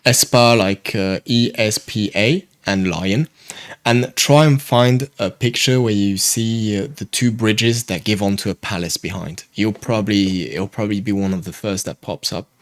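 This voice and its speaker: A young man from France with a French accent, telling a fishing story as a guest in a casual, animated chat. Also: on the low side, normal speed, no room sound, clean studio sound. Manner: animated storyteller, loose and chatty.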